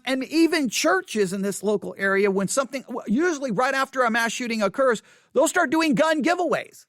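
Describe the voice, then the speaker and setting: A man's voice: very high-pitched, animated, moderate pace, fairly bright tone, no room sound, clean studio sound. A man hosting a theology podcast, talking in an emphatic, opinionated monologue full of repetition and wry asides. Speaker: podcast host. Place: West Texas.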